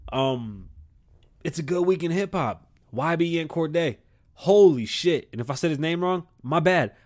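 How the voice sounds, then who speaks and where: A man's voice: on the high side, expressive, a little slow. Profane, rambling male podcast host. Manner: profane, rambling, swings between loud outbursts and muttering. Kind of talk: casual comedic monologue.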